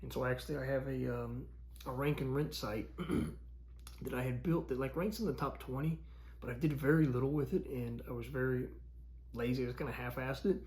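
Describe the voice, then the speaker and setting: A man's voice: medium pitch, steady tone, moderate pace, a little mellow. Young man, rambling casual vlog talk, filler-heavy, loose storytelling. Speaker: vlogger.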